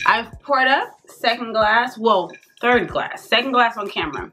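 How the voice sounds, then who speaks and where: A woman's voice: fairly high pitch, expressive, unhurried, few pauses, over music. A woman vlogger, tipsy, chatting loosely and swearing freely to her viewers while doing her makeup. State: tipsy from drinking. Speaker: beauty vlogger. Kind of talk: casual makeup tutorial chat.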